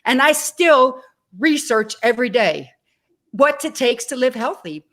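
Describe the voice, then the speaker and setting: A woman in her sixties tells her own life story as a guest on an interview show. Her voice sits a little high, and she keeps acting out the dialogue. She turns to speak straight to her listeners. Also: measured pace. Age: 60s. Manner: animated, acts out dialogue in her stories; addresses the audience directly. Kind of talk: personal storytelling.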